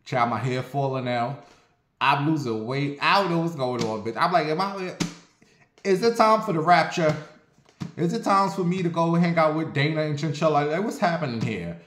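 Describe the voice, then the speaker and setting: A man in his forties telling a story in a casual vlog monologue, blunt and sassy, with lots of profanity and animated outbursts. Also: fairly high pitch, moderate pace, slight background noise. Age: 40s. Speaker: vlogger. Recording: roomy echo.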